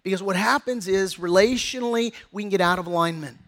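A man's voice: high-pitched, fast talker, a bit bright. A middle-aged pastor preaching a sermon in a conversational, story-telling way, acting out quotes from his family.

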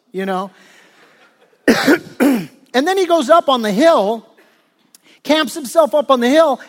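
Male pastor, high voice, casual storytelling sermon, reverberant church hall. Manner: conversational, retells scripture with casual asides. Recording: long reverb of a large hall.

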